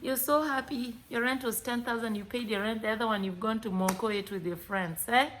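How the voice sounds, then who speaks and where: Animated Kenyan woman vlogger. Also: fairly high pitch, a little fast, slight background noise. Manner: animated, acts out both sides of chats, mixes in Swahili words. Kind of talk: casual monologue to camera.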